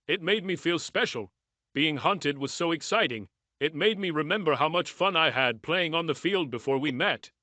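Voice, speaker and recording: A woman's voice: sits low, a bit bright, dry recording. A man reading the lines of a remorseful unfaithful wife, speaking in a pleading, apologetic way.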